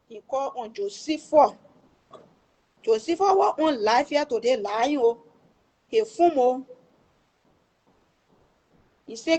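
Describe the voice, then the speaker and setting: High-voiced Liberian woman pleading emphatically. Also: lively intonation, slow pace, pauses often, a little mellow. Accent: Liberian English. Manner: emphatic, pleading, swears before God. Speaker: livestream storyteller. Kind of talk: emotional personal testimony.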